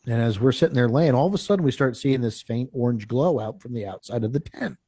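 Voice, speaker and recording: Fast-talking and medium-pitched, a man on a dry recording rambles through a long field story as a guest in a live interview. He acts out quoted speech with animation and repeatedly restarts mid-sentence.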